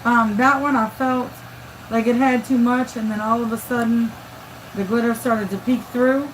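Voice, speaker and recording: A woman's voice: on the high side, steady tone, normal speed, a little hiss or hum, poor audio. A woman giving a casual hands-on crafting tutorial, chatty and thinking aloud as she works. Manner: chatty, thinks aloud, often gushes over the work. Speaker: crafter demonstrating epoxy tumbler making.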